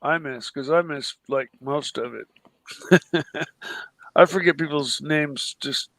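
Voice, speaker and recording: Worn out, a livestream guest talks slowly in a fairly high, fairly bright voice, wandering through casual chat with plenty of swearing and laughter between lines. The recording is dry and the audio poor.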